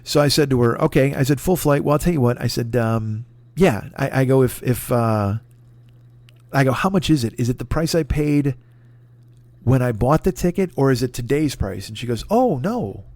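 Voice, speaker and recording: A man's voice: mid-range voice, moderate pace, a little mellow, no room sound. A man in his forties hosting a podcast, telling a personal story in a rambling, profane, self-deprecating way with many restarts. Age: 40s. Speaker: podcast host. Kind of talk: casual solo storytelling.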